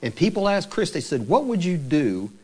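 A man's voice: a little high, very animated, moderate pace, darkish tone, slightly rough. Conversational male preacher telling a story. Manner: conversational, dramatic retelling. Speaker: pastor. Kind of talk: sermon storytelling.

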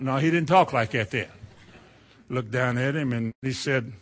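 A middle-aged man preaching a sermon in a folksy storytelling way, dropping to a hush and then rising to loud cries. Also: medium pitch, moderate pace.

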